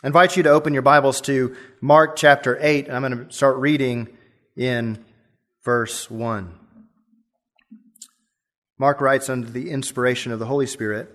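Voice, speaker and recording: A man's voice: mid-range voice, fairly even intonation, moderate pace, pauses often, a bit bright. A male pastor preaching a sermon, telling a story and explaining it step by step.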